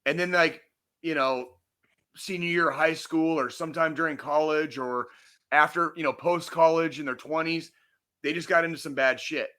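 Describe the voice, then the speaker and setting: A man's voice: fairly high pitch, fairly even intonation, moderate pace, sharp tone, clear, resonant tone. A man co-hosting a podcast, ranting angrily and swearing constantly, with emphatic repetition and restarts. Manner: angry, profane, emphatic. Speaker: podcast co-host. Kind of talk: heated podcast rant.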